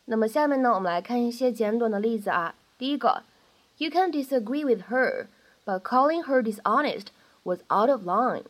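A woman teaching in a bright, slightly high voice. She explains each point patiently, adds lots of soft fillers, and says every example three times. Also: expressive, moderate pace. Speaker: English pronunciation teacher. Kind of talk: explanatory lesson narration.

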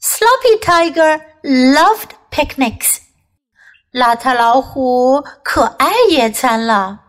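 A woman English teacher, whose first language is Chinese, reading a children's story aloud in two languages with a clear, sing-song manner for small children. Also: high voice.

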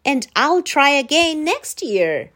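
A woman's voice: high-pitched, sing-song, slow pace, pitched above the performer's own voice, full character voice. Danny, a woman voicing an eager little boy. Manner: bright, eager, upbeat. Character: small cheerful boy, eager and hopeful. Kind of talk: storybook read-aloud.

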